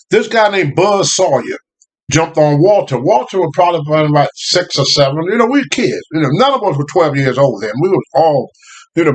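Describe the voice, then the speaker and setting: Older man, casual storytelling, lively pitch, laughing, slightly high voice. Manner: animated, laughing, Southern US phrasing. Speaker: guest storyteller.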